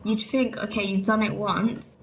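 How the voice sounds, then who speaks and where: A young English woman vlogs in casual chat, talking candidly to viewers and leaning heavily on "like" and "literally." Her medium-pitched voice is steady at a moderate pace, on a low-quality recording with slight hiss or hum.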